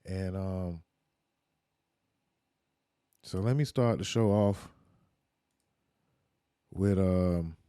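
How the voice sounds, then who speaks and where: A man hosting his podcast in a loose, relaxed chat, leaning on fillers and slang. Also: low voice, very slow, pauses often, clean tone, dry recording, studio quality. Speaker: podcast host.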